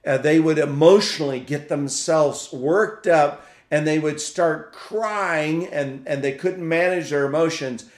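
A man preaching a sermon for a podcast in a reflective, halting way, often repeating words as he searches for the next thought. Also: a little high, echoey room. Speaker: pastor.

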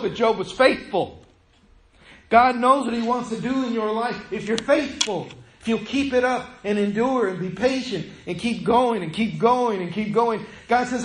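A man preaching a sermon as pastor, animated, swinging from loud to hushed. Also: high voice. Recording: echoey room, faint noise.

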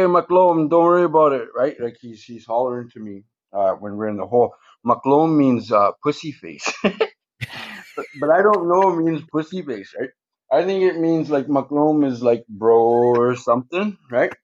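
Recorded with lo-fi sound, a man of medium pitch tells stories as a podcast guest. His delivery is casual and rambling, heavy on the swearing, and his sentences often end with "right?".

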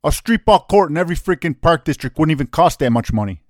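A man's voice: on the high side, lively intonation, fast talker, dry recording, studio quality. A man with a brash, profane, opinionated way of talking, casually co-hosting a soccer chat. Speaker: soccer podcast co-host.

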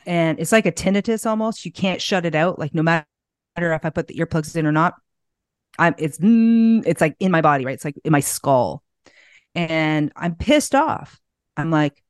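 A woman's voice: lowish voice, big pitch swings, moderate pace, no echo, clean studio sound. A middle-aged woman speaking as a guest in a casual interview, candid and a bit profane, often restarting her sentences. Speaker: guest, naturopathic practitioner.

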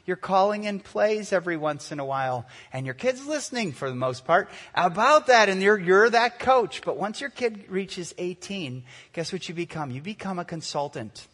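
A man in his forties, a pastor, preaching a sermon in a conversational storytelling way that slows for earnest emphasis. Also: high-pitched, big pitch swings, a bit bright, long reverb tail. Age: 40s.

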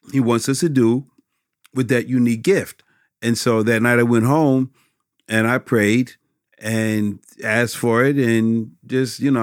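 A man's voice: medium pitch, dry recording, studio quality. A man hosting a podcast, chatting casually and telling a story in a folksy way, with plenty of fillers. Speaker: podcast host.

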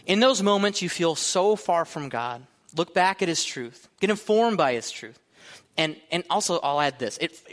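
A man's voice: a little high, a bit bright. A man in his thirties, a pastor giving a casual, joking sermon to college students and acting out his own thoughts. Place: church hall. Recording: long hall reverb.

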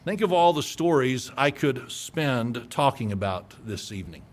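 A man's voice: medium pitch, very animated, moderate pace. A man preaching a sermon, reading scripture aloud and retelling it with emphatic storytelling.

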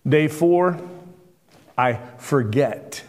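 A man's voice: a little high, lively intonation, drawn-out words, a little mellow. A man who is a lead pastor, giving a conversational sermon, telling stories and repeating words for emphasis. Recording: long hall reverb.

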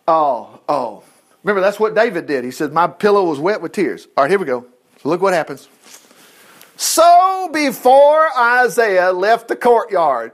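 A man teaching from the Bible in a relaxed, homespun manner, chatting through the stories as he reads. His voice sits high and swings widely in pitch as he animates the tale. He drifts between reading aloud and plain-spoken asides. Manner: folksy and conversational, animated storytelling. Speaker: preacher.

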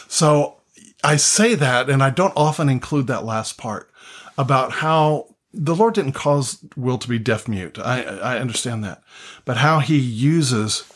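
An older man delivers a sermon as a story told in earnest. His voice sits at a middle pitch, and he often stops and restarts or repeats a phrase as he goes. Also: slightly rough. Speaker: pastor.

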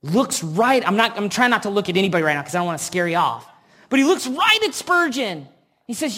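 A woman preaching a sermon, telling a story slowly and earnestly with emphatic repetition. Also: medium pitch, sing-song, a bit bright, husky.

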